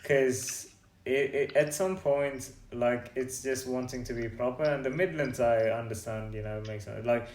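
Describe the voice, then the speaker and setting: A man's voice: mid-range voice, fairly even intonation, a little slow, darkish tone, reverberant. A man co-hosting a podcast in casual chat, opinionated and wry, with joking complaints. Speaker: podcast co-host.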